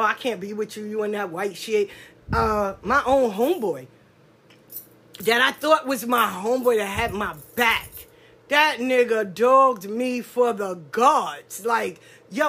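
Her voice sits a little high, with a fairly bright tone and a breathy edge. This middle-aged podcast speaker delivers a personal testimony monologue about her life, candid and emphatic, packed with street slang, swearing, and stretched-out stresses.

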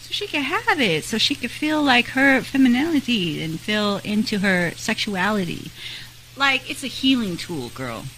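A woman co-hosting a casual podcast chat, her voice high and bright. She swings her pitch widely as she banters, often breaking into giggles. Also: sing-song, normal speed, slight background noise, rough recording. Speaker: podcast co-host.

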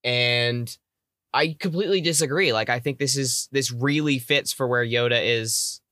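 A man co-hosting a casual fan discussion podcast, wry and teasing, talking in quick bursts. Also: medium pitch, bright, forceful tone, dry recording, clean studio sound. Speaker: podcast co-host.

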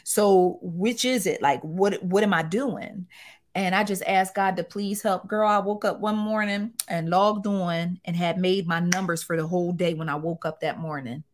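Expressive woman telling her story candidly. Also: on the low side, moderate pace, a little hiss or hum. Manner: expressive, animated, with colloquial phrasing. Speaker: guest.

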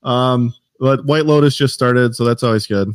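A man's voice: mid-range voice, normal speed, clear, resonant tone, dry recording, studio quality. A man chatting as a podcast guest, hesitant, with frequent ums and restarts. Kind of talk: casual podcast chat.

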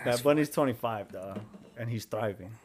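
Young man, podcast co-host, casual banter, laughing, slangy, mid-pitched voice. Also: normal speed, a little hiss or hum. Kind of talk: casual chat.

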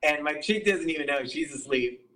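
A man telling a story as a podcast guest, animated and profane, acting out what other people said. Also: fairly high pitch, moderate pace, recorded from a distance, low-quality recording. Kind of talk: casual storytelling.

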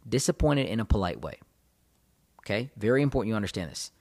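A man's voice: fairly low pitch, sing-song, quick pace, darkish tone. A man giving motivational relationship advice straight to his viewers, emphatic and repeating his key points. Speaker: relationship coach. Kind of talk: motivational advice talk to camera.

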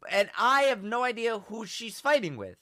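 A young man hosting a podcast, telling a story in a casual, animated way and acting out the quotes. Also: extremely high pitch, normal speed, no echo, clean studio sound. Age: young adult. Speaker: podcast host.

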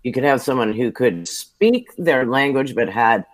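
An American man, a television producer, telling lively, self-deprecating stories from his career in a casual interview. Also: mid-range voice, measured pace. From United States.

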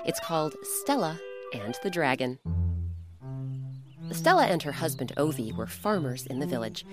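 Female narrator, lively and expressive, lower pitch, clear music bed underneath. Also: moderate pace. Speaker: podcast host and narrator. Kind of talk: scripted storytelling narration.

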